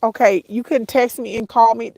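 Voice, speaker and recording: A middle-aged vlogger speaks directly to her viewers in a close, dry recording with no room sound or echo, telling an emotional story as tears press in. Her voice is a touch high, creaky, and warm, with fairly even intonation; she halts, circles back, says "y'all," and her voice breaks at times.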